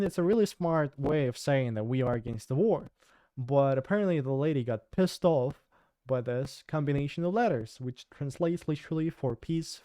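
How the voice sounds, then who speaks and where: A man's voice: mid-range voice, warm tone, dry recording, clean studio sound. Sarcastic man. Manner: sarcastic, chatty, with fillers and restarts. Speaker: host. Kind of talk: casual news commentary.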